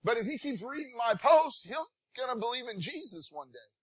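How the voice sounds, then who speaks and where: A pastor preaching a sermon in a folksy, conversational way, growing animated and breaking into shouts of praise. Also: male voice, extremely high pitch, fairly quick, breathy edge, no room sound.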